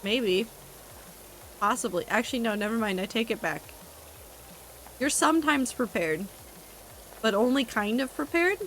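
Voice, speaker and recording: A woman's voice: a little high, lively intonation, unhurried, pauses often, a bit bright, slight background noise, rough recording. A woman streaming a game, chatting casually with her chat in a wry, talkative way and swearing now and then. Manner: chatty, wry, reacting to chat with asides and profanity.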